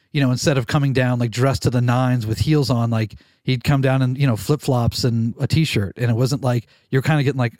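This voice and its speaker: A man, a recording engineer as a podcast guest, telling candid stories in a casual, animated way and swearing freely. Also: mid-range voice, no room sound, clean studio sound. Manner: animated, candid storyteller who swears casually and restarts sentences. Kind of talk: casual storytelling interview.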